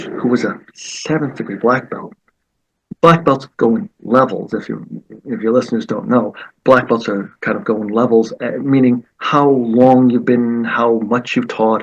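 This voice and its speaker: A martial arts teacher telling stories in conversation, acting out the quoted voices with lively energy. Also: male voice, medium pitch, slightly rough, lo-fi sound. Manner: animated, acts out quoted voices. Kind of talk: storytelling in conversation.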